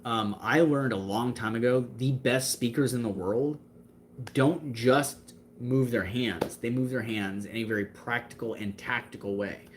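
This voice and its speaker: Man, young adult, livestream host, rambling casual chat, average pitch, faint background noise. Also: unhurried. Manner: talkative, gestures with hands, fillers and restarts.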